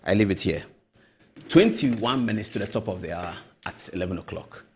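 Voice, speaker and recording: Hosting a political commentary show, an animated, middle-aged Ghanaian man tells emphatic stories and imitates the voices of others. He speaks on the low side at a moderate pace, with a darkish tone.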